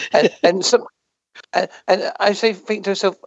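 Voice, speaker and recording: A man with an English Essex and Devon accent, a guest talking fast with stumbles and restarts. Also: sits high, vocal fry, no room sound. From England. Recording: dull dry lo-fi call audio.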